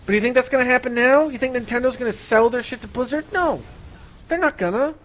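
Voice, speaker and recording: A young man with a high-pitched voice rants his way through a gaming stream, talking fast, excitably and with plenty of profanity. He keeps hyping himself up as he goes.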